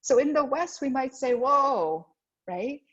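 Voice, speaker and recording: A woman from the US with a voice that sits high talks at a normal speed while presenting to parents as a guest speaker at a school. She frequently checks in with "right?" and imitates the voices of those she quotes. The recording is dull and lo-fi.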